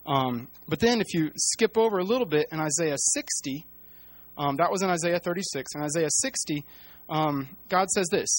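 Higher-voiced man teaching the Bible, halting. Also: no room sound. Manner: halting, many fillers and restarts.

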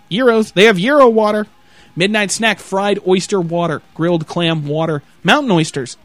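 Incredulous high-voiced man ranting profanely. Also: normal speed, dry recording, faint music behind. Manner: incredulous, repeats "okay?" and reads the list out in mock announcer tones. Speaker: vlogger reacting to a product website. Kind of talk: profane comedic rant.

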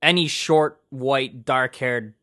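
A man's voice: medium pitch, takes it slowly, bright, forceful tone. A man from Chicago with a Chicago accent, co-hosting a podcast in casual chat, rambling with lots of fillers and swearing. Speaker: podcast co-host.

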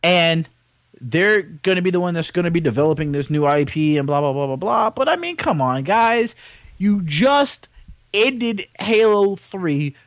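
Guy co-hosting a podcast, bit high voice, super lively, dry close mic. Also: dry recording, poor audio. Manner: animated, rambling, opinionated gamer talk. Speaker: podcast co-host. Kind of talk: casual chat.

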